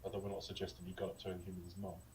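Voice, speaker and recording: A man's voice: deep voice, monotone, rapid-fire, darkish tone, far from the mic, rough recording. A man co-hosting a podcast, chatting casually about a film in a rambling, digressive way with lots of ums. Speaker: podcast co-host. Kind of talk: casual film review chat.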